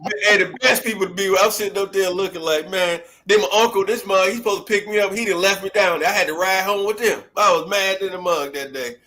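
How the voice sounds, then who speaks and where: Bright, high-pitched storytelling man. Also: fast, hardly any pauses. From Detroit. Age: 40s. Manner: animated storyteller, laughs often, acts out quotes. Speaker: co-host. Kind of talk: casual reminiscing chat.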